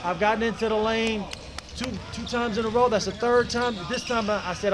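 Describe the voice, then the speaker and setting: A man's voice: high-pitched, steady tone, brisk. A man giving an exasperated, emphatic commentary on footage of his own basketball game, repeating himself often. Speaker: amateur basketball player reviewing his game. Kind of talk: video breakdown commentary.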